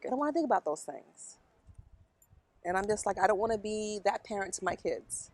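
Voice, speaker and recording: Middle-aged woman, interviewee; candid, blunt, emotional; mid-pitched; dry, close sound outdoors. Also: lively intonation, a little fast, dry recording. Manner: frank, emotional, blunt with swearing. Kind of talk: candid conversation. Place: outdoors in a park.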